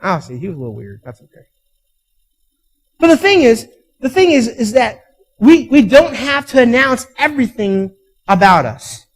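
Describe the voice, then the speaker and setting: High-voiced preacher, emphatic storytelling. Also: male voice, sing-song, moderate pace, pauses often, low-quality recording. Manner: storytelling, acts out quoted voices; emphatic, rising to loud peaks. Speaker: pastor. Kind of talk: sermon.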